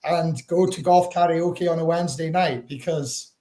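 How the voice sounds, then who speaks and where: A man's voice: a little high, moderate pace, mellow, echoey room. Chatty Northeast Scottish man on a call. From Northeast Scotland. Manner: chatty storyteller, laughs often, uses Scots words like wee. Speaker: guest, whisky ambassador. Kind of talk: casual chat over a video call.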